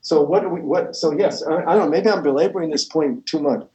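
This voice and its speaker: A man's voice: a little high, brisk, darkish tone, reverberant, low-quality recording. A man lecturing a math class, rambling and correcting himself as he goes, with the odd chuckle. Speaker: math professor.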